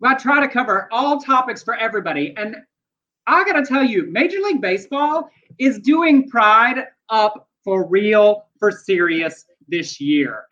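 A man's voice: high voice, bright, forceful tone, highs cut off. A man co-hosting a podcast, chatting wryly about the news with folksy asides. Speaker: podcast co-host. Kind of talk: casual news chat.

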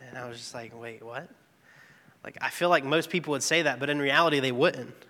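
A man's voice: mid-range voice, fast, sharp tone. A man giving an earnest, candid devotional testimony, telling a personal story about his work. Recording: long reverb, echoey hall.

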